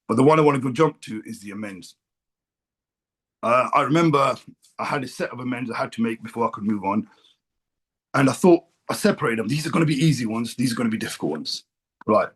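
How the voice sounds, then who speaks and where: A man's voice: medium pitch, fairly bright tone, husky. A middle-aged man from England giving a blunt, emotional personal share at a recovery meeting, swearing freely. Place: meeting room.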